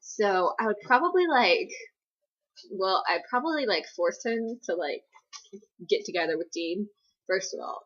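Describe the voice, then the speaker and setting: A young woman from the US East Coast chats through viewer questions on her vlog, her voice slightly breathy and husky. She rambles, fills her sentences with "like," and turns self-deprecating, all over a dull, lo-fi home recording. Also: medium pitch, very animated, moderate pace. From East Coast United States. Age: young adult. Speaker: vlogger answering viewer questions. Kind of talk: casual Q&A vlog.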